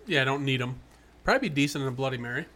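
A man's voice: medium pitch, expressive, racing, a bit bright. A man co-hosting a casual podcast, joking and chatting while tasting food. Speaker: podcast co-host.

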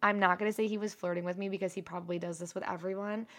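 A woman's voice: medium pitch, flat delivery, racing, fairly bright tone. A young woman co-hosting a podcast, chatting casually and telling a story with lots of swearing. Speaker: podcast co-host. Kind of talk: casual chat.

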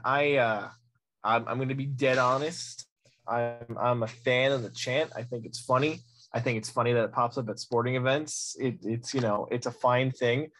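A man co-hosting a podcast who speaks at a mid-range pitch. He is blunt and emphatic in casual chat and often starts his points with "listen.". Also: a bit bright. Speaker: podcast co-host.

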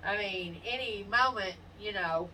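A woman's voice: mid-range voice, measured pace. A woman in casual chat, telling dating stories bluntly and animatedly, with lots of swearing. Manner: blunt, profane, animated storytelling. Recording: distant mic with faint noise.

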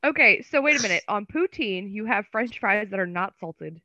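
A woman's voice: medium pitch, animated, moderate pace, bright, forceful tone, highs cut off. A woman co-hosting a podcast in casual chat, giggly and teasing, from the United States. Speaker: podcast co-host.

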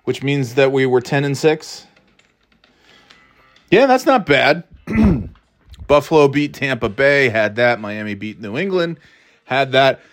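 Male podcast host, mid-pitched, rambling and profane, faint music bed. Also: expressive, takes it slowly, pauses often. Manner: rambling, profane, self-mocking, many restarts. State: throat irritated, clearing it. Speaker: podcast host giving football picks. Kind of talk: casual rambling monologue.

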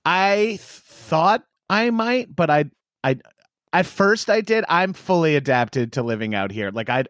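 A man in his late thirties, originally from Long Island, chatting as a comedian guest on a podcast. His voice sits a little high and comes across dry and close, with no room around it. He rambles, jokes and acts out quoted voices with a laugh. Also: animated, unhurried, fairly bright tone, no room sound. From Long Island, New York. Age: 30s. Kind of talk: casual podcast chat.

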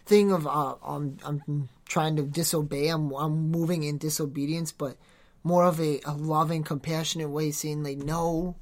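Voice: mid-range voice, little pitch movement, normal speed, a little mellow. A podcast host preaching informally in an earnest, exhorting way, rambling with many restarts and self-corrections. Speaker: podcast host giving a devotional.

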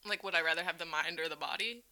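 Bright, dry-humored young woman. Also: low-pitched, quick pace. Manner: dry, joking, laughing easily. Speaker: podcast co-host. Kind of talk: casual chat.

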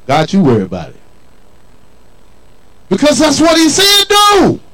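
Male preacher, high and expressive, emphatic colloquial sermon delivery. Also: measured pace, background noise. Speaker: pastor.

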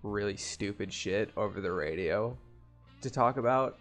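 A man's voice: fairly low pitch, moderate pace, soft background music. A man co-hosting a podcast, dropping dry, sarcastic remarks in casual chat. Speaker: podcast co-host.

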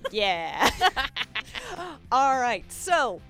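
A woman's voice: high-pitched, huge pitch swings, drawn-out words, fairly bright tone, soft background music. A woman co-hosting a casual podcast chat, laughing often and reacting dryly. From United States. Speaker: podcast co-host.

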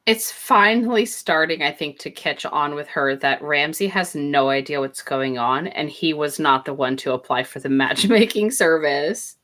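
A woman with a fairly low, bright voice in a casual book-recap chat. She is blunt and swears freely, and her pitch swings widely as she retells scenes. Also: animated, moderate pace, few pauses.

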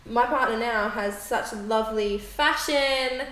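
A young Australian woman co-hosting a podcast, talking in blunt, sweary, lively bursts. Her voice sits a little high. The room around her has a noticeable echo. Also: slow. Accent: Australian, picking up English turns. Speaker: podcast co-host. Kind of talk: casual chat. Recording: echoey room.

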